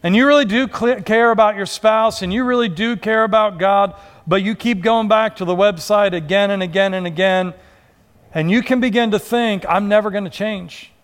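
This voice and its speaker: A man's voice: sits high, normal speed. A male pastor preaching a sermon in a conversational way, acting out quoted voices.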